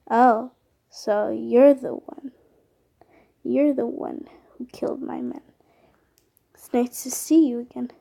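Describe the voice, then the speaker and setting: A woman voicing a cruel, menacing male villain from a fan audio drama, who speaks in a low, sneering near-whisper. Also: fairly even intonation, slow pace, vocal fry, pauses often, mellow, heavily acted.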